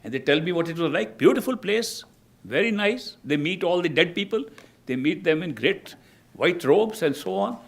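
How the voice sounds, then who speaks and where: An older man giving a spiritual discourse as a teacher, telling stories in a measured way and often restarting his phrases. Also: sits high, lively intonation, gravelly.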